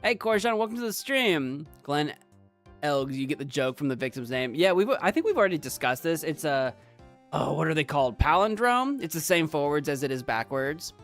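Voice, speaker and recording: American woman streamer, casual gameplay chatter, giggly and rambling, very animated. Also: deep voice, normal speed, soft background music. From United States. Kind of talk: casual let's play commentary.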